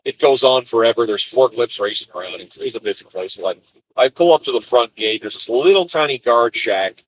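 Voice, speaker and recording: Broadcasting a casual storytelling live stream from his van, a man who drives for a living spins road stories with a wry, rambling touch. He speaks at medium pitch, a little fast, with lively intonation. His phone mic gives a rough recording.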